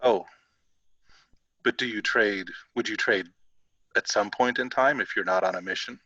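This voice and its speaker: A man's voice: lowish voice, normal speed, bright, forceful tone, no room sound, muffled recording. A man playing his character in a tabletop role-playing game, speaking in a hesitant, polite way. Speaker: player.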